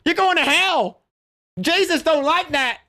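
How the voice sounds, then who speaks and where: A man putting on a high, squealing voice to mock an outraged, prudish woman streamer. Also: expressive, measured pace, sharp tone, heavily acted. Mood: scolding.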